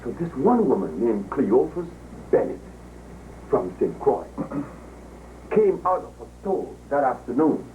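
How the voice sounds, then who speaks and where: A man's voice: medium pitch, big pitch swings, takes it slowly, long pauses, dark tone, far from the mic, muffled recording, slight background noise. A man giving an impassioned, preaching lecture to a live audience, emphatic and repeating himself for effect. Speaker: public speaker. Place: live event before an audience.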